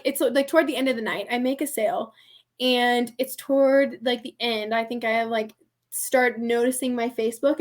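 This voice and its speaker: High-voiced chatty young woman storyteller. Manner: chatty, heavy use of "like", laughs often. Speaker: podcast guest. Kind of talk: storytelling in a casual interview.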